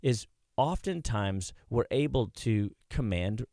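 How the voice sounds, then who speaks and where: A man's voice: medium pitch, animated, slow, gravelly, dark tone, dry recording, studio quality. A man working at a health clinic, a guest on a radio show, telling rambling anecdotes with many restarts in a casual chat. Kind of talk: casual radio interview storytelling. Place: radio studio.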